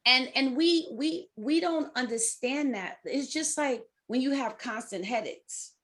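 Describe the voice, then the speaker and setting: Her voice is high and animated, her delivery a little slow. A middle-aged life coach and podcast host, she offers casual advice during a coaching talk, voicing inner thoughts and laughing frequently.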